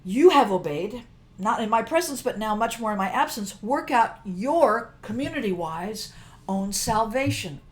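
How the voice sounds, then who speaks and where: A woman's voice: a little high, animated, a little slow. An older woman giving a casual devotional teaching, chatty and emphatic, often breaking off mid-phrase to restart. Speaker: worship teacher.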